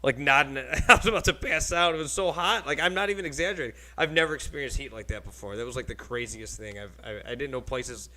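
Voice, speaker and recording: A man's voice: mid-range voice, fast, hardly any pauses, bright, forceful tone, rough recording. A man hosting a casual podcast, telling rambling stories and laughing often. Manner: chatty rambling storyteller with frequent laughs. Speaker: podcast host.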